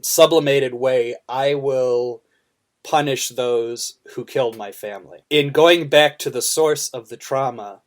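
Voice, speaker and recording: Male podcast co-host, average pitch, thoughtful and halting film commentary. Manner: thoughtful, hesitant, many fillers and restarts. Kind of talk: casual film discussion.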